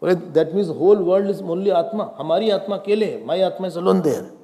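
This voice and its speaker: A man's voice: sits high, racing, mellow. A middle-aged man with an Indian accent, a swami giving a spiritual discourse on scripture, acting out questions and answers with a student. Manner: mixes in Hindi and Sanskrit verses.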